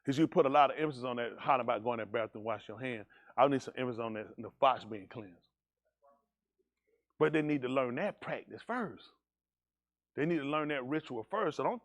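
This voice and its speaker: A pastor, preaching loud and emphatic to his congregation. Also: on the high side. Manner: loud, emphatic, quick preaching with call-and-response. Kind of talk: preaching a sermon.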